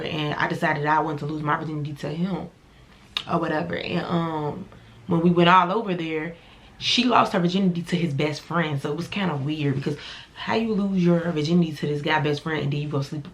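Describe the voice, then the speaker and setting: A woman tells a personal story in a casual vlog. She talks bluntly and swears freely. She jumps into animated impressions of the people she quotes, in a voice that sits a little low. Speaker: storyteller vlogger.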